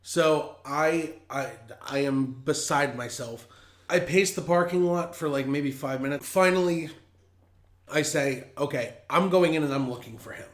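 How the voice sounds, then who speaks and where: A man with a slightly high voice tells a long story on his podcast, blunt and fired up, swearing freely. The recording has a roomy echo. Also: measured pace. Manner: profane, heated, blunt. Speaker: podcast host. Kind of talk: casual storytelling.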